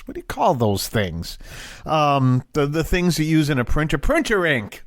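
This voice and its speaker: A man's voice: a little high, very animated, a little slow, dry recording, studio quality. A man from the Boston area with no Boston accent, teaching from the Bible in a casual, digressive way with jokey asides.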